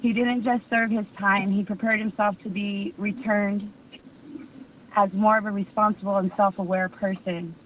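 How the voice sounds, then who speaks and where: A woman's voice: mid-range voice, level tone, moderate pace, slight background noise. Woman on a tinny, distant phone line. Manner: earnest, with hesitant fillers. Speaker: public commenter at parole hearing. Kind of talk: read public statement.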